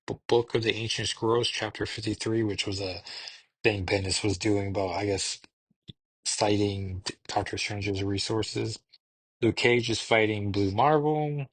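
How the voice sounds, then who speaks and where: Male podcast host, lower register, dry booth sound; loose, chatty, thinks aloud. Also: no room sound. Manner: rambling, thinking aloud with ums. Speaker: podcast host reviewing comics. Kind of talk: casual recap.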